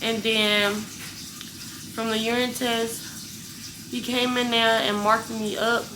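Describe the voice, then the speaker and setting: A woman's voice: a little high, slow pace, background noise. A young woman vlogger casually telling her viewers a story, blunt and full of swearing. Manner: profane, blunt, animated retelling.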